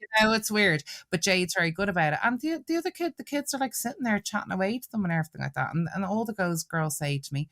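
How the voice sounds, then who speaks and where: A woman's voice: mid-range voice, animated, quick pace, hardly any pauses, a bit bright, no room sound, studio quality. A woman, a podcast guest chatting casually, telling frank, profane stories and laughing often.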